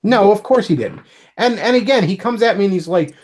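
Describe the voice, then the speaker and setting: American guy ranting on a livestream, swears a lot, sarcastic, voice a bit higher. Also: a little fast, a little mellow. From United States. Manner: profane, heated, sarcastic. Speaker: livestream host. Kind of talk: ranting casual monologue.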